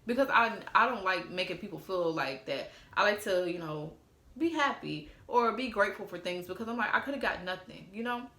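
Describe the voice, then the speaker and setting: A woman's voice: mid-range voice, animated, a little fast, bright, forceful tone. A woman in her twenties telling a storytime, sassy and profane, talking straight to her viewers. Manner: sassy, profane, exasperated retelling. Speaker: storytime vlogger. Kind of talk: casual storytime. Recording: roomy echo.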